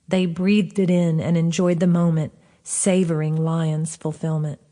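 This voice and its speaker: A woman narrating her own fantasy book as an audiobook, in a steady, clear reading voice with a gentle lilt. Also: low-pitched, measured pace.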